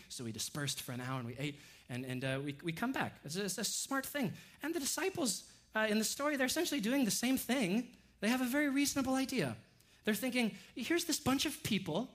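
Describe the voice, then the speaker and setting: Animated preacher, a man, higher voice. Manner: animated, acts out disciples' voices with sarcasm. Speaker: pastor. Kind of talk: sermon.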